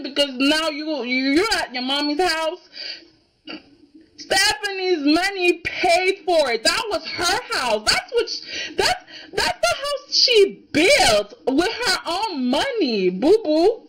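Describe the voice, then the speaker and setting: A woman's voice: extremely high pitch, noisy background. A woman giving a casual, indignant reaction review of a soap opera, emphatic and keeps asking "okay?".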